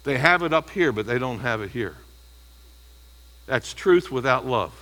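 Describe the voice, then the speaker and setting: Guy preaching verse by verse, bright forceful voice, chatty, keeps asking okay?. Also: mid-range voice, animated, a little slow, low-quality recording. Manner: conversational preaching, frequent "okay?" and "you see" checks. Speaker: pastor. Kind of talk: expository sermon.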